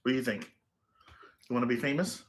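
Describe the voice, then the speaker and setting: A man's voice: mid-range voice, fast talker. A man hosting a casual livestream, rambling with lots of fillers and turning aside to talk to his dog and his viewers. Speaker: livestream host.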